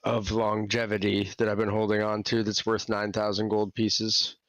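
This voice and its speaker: A man's voice: fairly low pitch, monotone, normal speed, fairly bright tone, dry recording. A man chatting casually as a player at a tabletop game, rambling and restarting his thoughts. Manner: rambling, hesitant.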